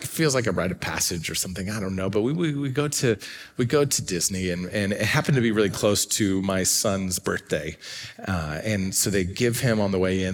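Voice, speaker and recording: Animated pastor in a reverberant hall. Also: male voice, deep voice, slight background noise. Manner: animated storytelling, swings from hushed to excited. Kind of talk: sermon with personal story. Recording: long reverb of a large hall.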